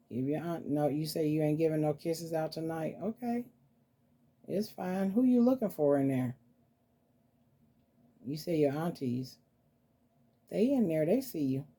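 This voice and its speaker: A woman hosting a casual vlog, talking softly and playfully to her dolls as if they were children. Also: low voice. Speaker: doll collector vlogger. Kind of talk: casual doll-play vlog.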